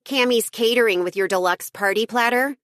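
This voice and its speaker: A woman's voice: fairly high pitch, brisk, a bit bright, no echo, clean studio sound, pitched above the performer's own voice, lightly acted. Teen girl posing as a caterer , read by a woman: fake accent, syrupy politeness. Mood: faux-polite. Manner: put-on accent, fake sweetness.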